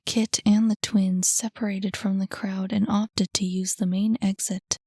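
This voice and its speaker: A woman reads an audiobook in an unhurried, measured way. The sound is close and dry, with a mid-range voice. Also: mid-range voice, level tone, a little mellow, breathy edge, no room sound. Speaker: audiobook narrator. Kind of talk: scripted narration.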